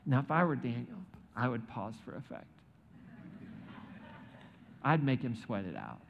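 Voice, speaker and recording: Animated preacher man in an echoey hall. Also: mid-range voice, a little slow, creaky, a little hiss or hum. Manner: animated storytelling with joking asides, acting out quotes. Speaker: pastor. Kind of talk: sermon. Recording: echoey hall, dull sound.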